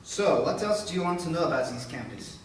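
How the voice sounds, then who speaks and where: Male actor plays a brash, teasing French student with a French accent, higher voice, faint hiss. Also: expressive, a little fast, close to an everyday voice. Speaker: actor in staged reading. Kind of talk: staged play reading. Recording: echoey room from far off.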